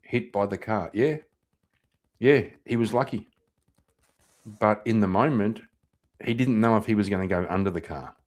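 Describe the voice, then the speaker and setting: Swearing low-voiced male stream host. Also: moderate pace, long pauses. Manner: swears freely, laughs, repeats himself. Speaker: livestream host reacting to clips. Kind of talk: casual profane reaction commentary.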